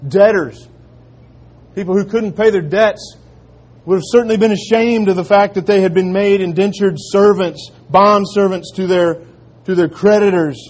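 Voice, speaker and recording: A man preaching a sermon in an earnest manner, dropping to quiet, slow emphasis on key lines. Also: high-pitched. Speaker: pastor.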